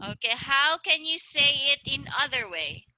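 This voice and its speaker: Slow, bright-voiced woman tutoring English. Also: sits high, sing-song, poor audio. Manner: slow, encouraging, models intonation. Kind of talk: one-on-one English lesson.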